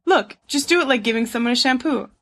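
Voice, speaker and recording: A woman voicing a lazy, blissed-out young man who is teasing and demanding, with a slow, drawling delivery. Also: a little high, expressive, a bit bright. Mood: languid.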